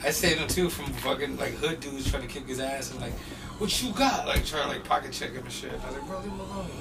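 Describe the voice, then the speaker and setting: Man, gravelly, laughing, casual, off-mic, noisy. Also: medium pitch, quick pace. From Portland, US. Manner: profane, laughing, animated storyteller. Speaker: podcast guest. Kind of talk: casual storytelling chat. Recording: distant mic with noisy room.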